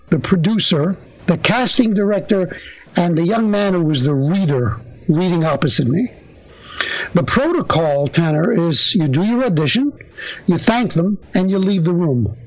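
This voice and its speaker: An older man tells a story as an interview guest, his voice pitched high and swinging widely as he animates each beat. He has a lively storyteller's delivery. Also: low-quality recording. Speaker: actor, guest.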